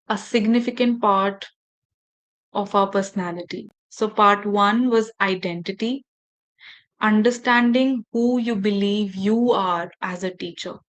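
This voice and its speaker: Woman workshop trainer on a video call; engaging, asks the group questions, mid pitch. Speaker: faculty development trainer. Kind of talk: online training session.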